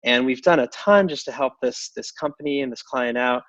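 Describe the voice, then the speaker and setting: A middle-aged man speaks at an average pitch in a relaxed, halting way, circling back and restarting his sentences. His voice comes through a dull, slightly lo-fi line. The sound is dry, with no room around it. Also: dry recording. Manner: halting, many restarts and fillers, chuckles often. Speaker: guest, tech company CEO. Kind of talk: casual interview talk.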